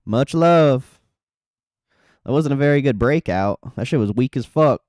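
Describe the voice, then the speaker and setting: A man's voice: mid-range voice, expressive, fairly quick, a little mellow, dry recording, studio quality. A man streaming live, chatting casually with his chat, laughing often and swearing freely. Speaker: livestreamer reading chat. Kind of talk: casual live chat about stock trading.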